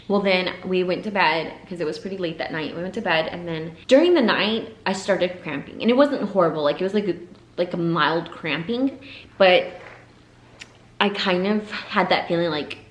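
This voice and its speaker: Emotional young woman in echoey room. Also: on the low side. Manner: emotional, pausing, voice breaking into whispers. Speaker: vlogger. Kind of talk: personal storytelling to camera. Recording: echoey room, faint ambience.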